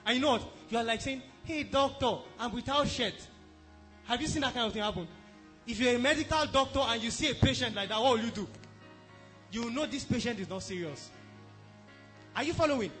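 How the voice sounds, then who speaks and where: A man's voice: very high voice, fast talker, long pauses, a bit bright, faint music behind. A male pastor preaching a sermon, emphatic, who keeps asking the congregation whether they are following.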